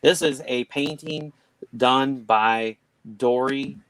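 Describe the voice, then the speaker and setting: A man's voice: medium pitch, takes it slowly, fairly bright tone, clean tone, dry recording, rough recording. A man hosting a casual charity art auction stream, joking around and reading item descriptions aloud. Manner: jokey, reads item blurbs aloud. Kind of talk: casual livestream chat.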